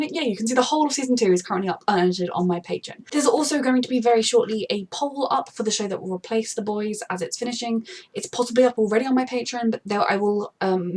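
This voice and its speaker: A woman's voice: medium pitch, breathy edge. A woman chatting casually and rambling as she reacts to a TV episode, openly anxious about the plot. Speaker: TV reaction YouTuber.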